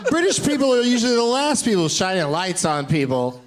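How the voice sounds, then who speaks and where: A man's voice: high-pitched, sing-song, a little fast. A man hosting a live comedy podcast on a club stage, teasing his guests and laughing often. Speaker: podcast host. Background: live audience laughter.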